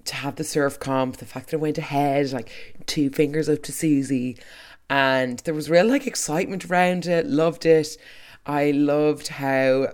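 Casual recap chat, opinionated, lots of asides and restarts. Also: mid-range voice. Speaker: soap recap podcast host.

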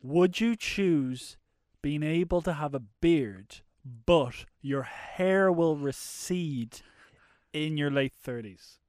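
A man's voice: a little high, takes it slowly, darkish tone, no echo. A man co-hosting a podcast in casual chat, teasing his partner with provocative questions. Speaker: podcast co-host.

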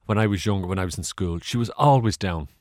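An Irish man tells stories as an interview guest, chatty and rambling, with plenty of fillers and the odd laugh. His voice sits fairly low. The recording is dry and close to the mic. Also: fast, darkish tone, dry recording. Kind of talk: casual storytelling interview.

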